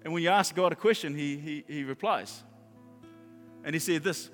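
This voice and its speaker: A man preaches in a lively sermon, his voice high and bright as he tells stories and repeats key phrases. The sound rings with long reverb in a big church hall, with soft guitar playing underneath. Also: a little fast. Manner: animated, repeats phrases for emphasis. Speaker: pastor. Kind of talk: sermon with storytelling. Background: soft guitar music.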